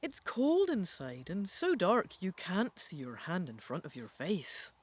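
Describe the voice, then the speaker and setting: A man reading an adventure gamebook aloud, stopping to muse out loud over each choice. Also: high voice, huge pitch swings, a little slow, husky. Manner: musing, thinking out loud. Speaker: gamebook reader.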